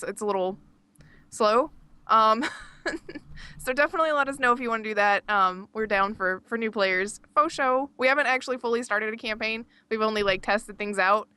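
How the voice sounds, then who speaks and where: A woman's voice: medium pitch, pushed and bright, clean tone. A young woman co-hosting a casual gaming podcast, giggly and teasing. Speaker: podcast co-host. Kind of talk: casual chat.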